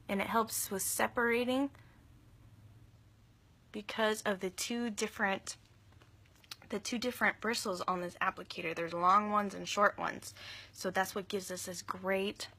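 Bright, chatty woman doing makeup. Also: medium pitch, steady tone, a little slow, pauses often, slightly rough. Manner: chatty and enthusiastic, gushing over products. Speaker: makeup vlogger. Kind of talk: live makeup tutorial.

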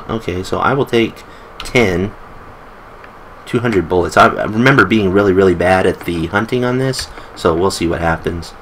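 Casual let's play host, a man, chatty and joking, slightly low voice, faint typing in the background. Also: normal speed, a bit bright, a little hiss or hum, rough recording. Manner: chatty, joking asides, reads game text aloud. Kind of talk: casual gameplay commentary.

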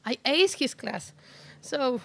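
A woman in her forties giving a heartfelt, halting graduation speech at a ceremony. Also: high-pitched, expressive, a little hiss or hum. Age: 40s. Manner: heartfelt, emotional, halting with restarts. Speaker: graduating student speaker.

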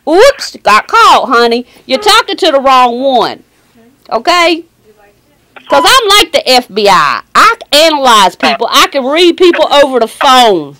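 Sassy high-voiced woman on a phone call. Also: very animated, unhurried, sharp tone. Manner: sassy, confrontational, mocking. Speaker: caller baiting phone scammers.

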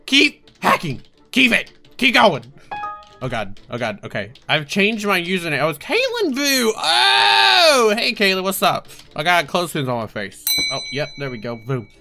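A young adult commenting live on gameplay, panicky and yelping, with quick repeated phrases. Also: medium pitch, big pitch swings, creaky, bright, forceful tone. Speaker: gaming video creator. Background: game music.

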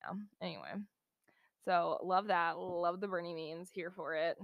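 A woman's voice: fairly low pitch, steady tone, unhurried, vocal fry, dry recording, highs cut off. A woman co-hosting a podcast, telling stories in a chatty casual way with lots of fillers. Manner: chatty storyteller, many fillers. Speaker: podcast co-host. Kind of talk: casual chat.

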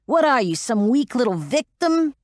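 A woman putting on a tough, foul-mouthed woman barking orders over a radio, her voice pushed high and loud, never letting up. The sound is dry and close. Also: sing-song, moderate pace, no room sound. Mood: yelling. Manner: shouting, profane, relentless.

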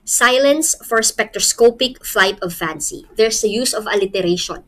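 A woman's voice: mid-range voice, moderate pace, fairly bright tone. A woman with a Filipino accent giving a literature lesson, explaining a poem with rhetorical questions and small laughs. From Philippines. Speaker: literature teacher. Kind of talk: poetry lecture.

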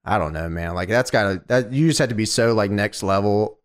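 A young man co-hosting a casual wrestling review chat, relaxed and filler-heavy, saying "like" a lot. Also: on the low side, a little fast, clean tone. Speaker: podcast co-host.

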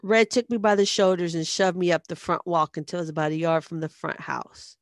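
A woman reading a novel aloud in first-person narration, with steady storytelling. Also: fairly low pitch, fast, no room sound, clean studio sound.

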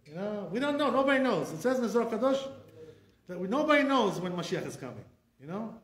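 A man's voice: high-pitched, quick pace, roomy sound. A man, a rabbi teaching an informal Torah class with conviction and lots of fillers. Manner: animated, repetitive fillers, speaks with conviction.

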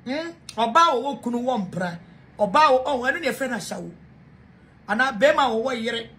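A woman's voice: a little high, lively intonation, moderate pace, fairly bright tone. A Ghanaian woman with a Ghanaian accent, ranting to camera in a heated, repetitive way and mixing English with Twi. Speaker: self-styled preacher. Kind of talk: angry rant to camera.

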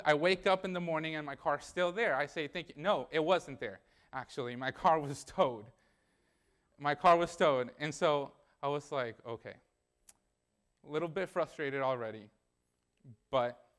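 A man's voice: a little high, a bit bright, smooth. A young man preaching a sermon in a church, telling a personal story in a conversational way and acting out the dialogue.

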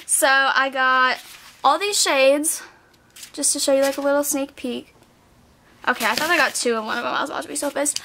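Bubbly high-voiced teen woman vlogger. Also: fairly quick, creaky, sharp tone. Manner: bubbly, chatty, says "like" a lot. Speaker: beauty vlogger. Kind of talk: casual haul video chat. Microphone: camera mic.

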